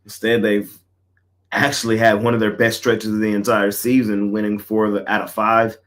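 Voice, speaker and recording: Laid-back low-voiced male picks host. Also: flat delivery, moderate pace. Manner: laid-back, slangy, trails off quietly. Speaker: sports betting picks host. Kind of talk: casual picks chat.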